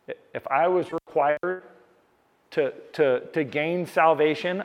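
Pastor guy preaching, kinda high voice, says things twice, long echo from the hall. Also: lively intonation, moderate pace, a little mellow. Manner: earnest, repeats key phrases for emphasis. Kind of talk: sermon.

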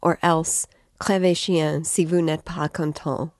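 A woman's voice: low-pitched, level tone, measured pace, a little mellow, dry recording, clean studio sound. A woman reading aloud as a brooding, feverish young male student, bitter and sarcastic in tone.

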